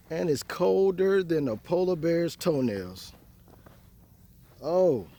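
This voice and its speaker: A man's voice: on the high side, big pitch swings, drawn-out words, mellow. A man, chatting to viewers in a self-mocking way while fishing by a river in a snow storm. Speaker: fishing vlogger. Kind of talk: casual outdoor vlog talk.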